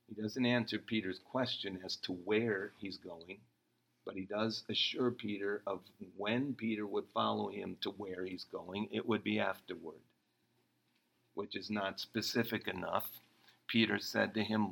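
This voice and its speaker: A man's voice: on the low side, fairly even intonation, a little slow, vocal fry, a bit bright, rough recording. A man preaching an expository sermon in a conversational way, acting out the lines he quotes.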